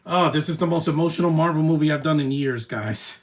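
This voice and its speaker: A man streaming his reaction to a movie, talking in an emotional, rambling way with many "man" tags and the odd loud taunt. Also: on the high side, fairly quick. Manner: soft-spoken, with sudden loud taunting outbursts. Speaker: live streamer.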